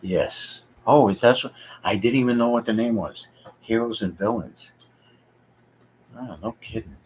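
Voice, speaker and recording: A man's voice: lowish voice, moderate pace, a little mellow, slight background noise, rough recording. A man chatting casually on a live stream, rambling and hesitant, thinking aloud with many fillers as he talks to viewers. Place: home basement.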